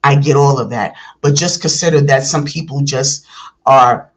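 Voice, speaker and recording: A man's voice: medium pitch, moderate pace. A man hosting a reaction video, talking in a casual, earnest, rambling way with many restarts; his voice tends to carry and rise as he talks. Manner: voice carries and rises when talking.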